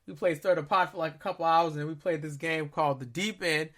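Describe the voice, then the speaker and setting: Bright high-voiced man telling stories. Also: fast. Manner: loose, slangy and animated. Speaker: podcast co-host. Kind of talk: casual storytelling chat.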